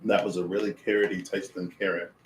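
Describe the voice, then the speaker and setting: A man's voice: low voice, flat delivery, brisk, roomy sound, a little hiss or hum, rough recording. A man streaming casually at home, rambling and amused with himself while he cooks and eats. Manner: rambling, self-amused, talks with mouth full. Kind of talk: casual livestream chat while cooking and eating.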